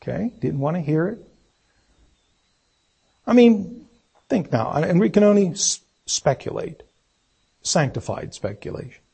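A man's voice: fairly high pitch, big pitch swings, a little slow, vocal fry, pauses often, dark tone, husky. A man teaching an interactive Bible study, reading scripture aloud and questioning his listeners about its meaning. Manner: questioning, asks the group for answers.

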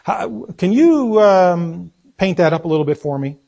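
A man's voice: sits high, animated, normal speed, creaky, a little mellow. A man teaching an interactive Bible study, reading scripture aloud and questioning his listeners about its meaning. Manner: questioning, asks the group for answers.

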